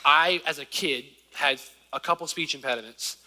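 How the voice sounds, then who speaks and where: A young male preacher with a lisp delivers an energetic sermon in a high, very bright voice. He moves between loud exhortation and hushed asides. The church hall rings with a long reverb. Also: moderate pace. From Southern Virginia, US. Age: 20s. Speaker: youth preacher. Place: church sanctuary.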